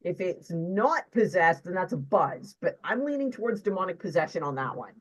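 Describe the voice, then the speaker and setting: A woman's voice: fairly low pitch, sing-song, moderate pace, poor audio. A woman co-hosting a casual live chat, rambling and wry. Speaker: co-host.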